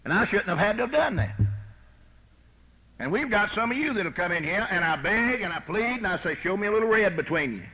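Folksy preacher man, bright voice. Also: high voice, lively intonation, brisk. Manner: folksy, preaching with rising, shouting emphasis. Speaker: pastor. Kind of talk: sermon.

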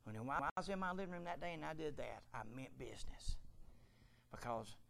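Middle-aged pastor, gravelly tenor, fiery pulpit sermon in church. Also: male voice, a little high, expressive, fairly quick. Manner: shouting, rising to fervent preaching. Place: church sanctuary.

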